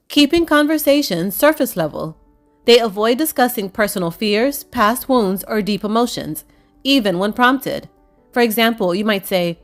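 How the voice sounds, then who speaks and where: A woman's voice: medium pitch, animated, faint music behind. Woman narrating a relationship lesson. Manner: measured, explanatory delivery. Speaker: relationship coach. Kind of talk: scripted narration.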